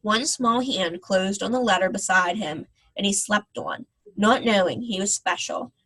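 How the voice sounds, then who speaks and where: Breathy woman reading a story aloud. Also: mid-range voice, measured pace, rough recording. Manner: gentle, expressive reading with voices. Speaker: reader reading aloud to children.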